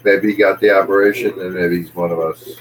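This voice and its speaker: A man's voice: deep voice, flat delivery, brisk, a little hiss or hum, poor audio. A man rambling through a jokey comic monologue, jumping from one tangent to the next. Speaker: comedian host.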